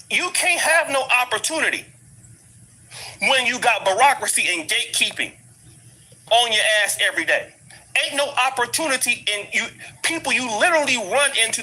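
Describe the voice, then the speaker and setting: A middle-aged man with an African American English accent rants in a blunt commentary vlog. His voice sits high for a man and comes out sharp and edgy with a husky grain. He hammers each point by saying it again and again. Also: poor audio. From United States. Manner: blunt, emphatic, repeats points for force. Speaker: commentary vlogger. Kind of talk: ranting commentary. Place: living abroad.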